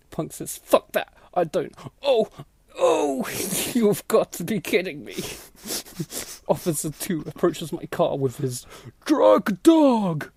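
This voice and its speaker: This host's voice sits high and is creaky, slightly rough and a little mellow, very animated yet slow, on a dry recording. He reads an old blog post for laughs on his podcast, mocking it, voicing characters and cracking up.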